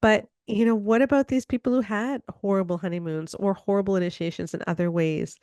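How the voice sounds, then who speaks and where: A woman's voice: medium pitch, steady tone, brisk, dark tone, clean tone, no room sound, studio quality. A woman hosting a podcast, chatty and upbeat, leaning on fillers as she talks. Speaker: podcast host. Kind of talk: podcast conversation.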